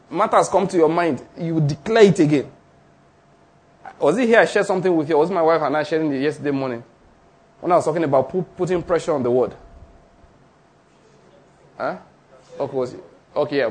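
Husky preacher, emphatic. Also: male voice, on the high side, fairly quick, pauses often, a little mellow. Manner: emphatic, repeats declarations, asks the audience questions. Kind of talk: sermon.

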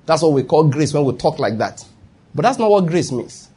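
A man's voice: fairly high pitch, sing-song, fairly quick, dark tone, breathy edge. A pastor with a Nigerian accent preaching a sermon, repeating his points and asking the congregation if they follow. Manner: rhetorical questions, repeats points, laughs at own stories.

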